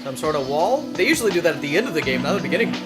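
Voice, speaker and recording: A man's voice: a little high, sing-song, rapid-fire, over music. A man hosting a gaming video, casually commenting, reading on-screen text aloud and joking as he plays. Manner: playful, reads game text aloud, jokes. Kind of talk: casual let's-play commentary.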